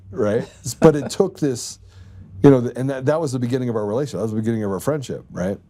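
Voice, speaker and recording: A man's voice: mid-range voice, fast, dark tone. A man hosting a podcast, chatting casually and telling a story while laughing often and acting out quoted dialogue. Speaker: podcast host. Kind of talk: casual chat.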